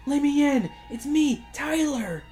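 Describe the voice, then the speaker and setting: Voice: expressive, slow pace, warm tone, soft background music. A podcast host voicing a ghostly boy who whines and begs to be let in, in a storybook reading. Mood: pleading. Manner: high, whiny begging. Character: pleading ghostly boy at the door.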